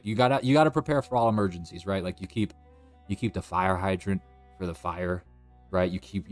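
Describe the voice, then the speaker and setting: A young man streaming a video game, chatting and joking as he commentates, with a habit of goofy voices. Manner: chatty and jokey, with excited high outbursts; does goofy put-on voices. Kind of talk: live gameplay commentary.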